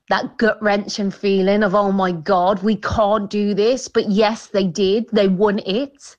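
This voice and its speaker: Woman radio presenter, mid-pitched voice, earnest, emphatic. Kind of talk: opinion talk on radio.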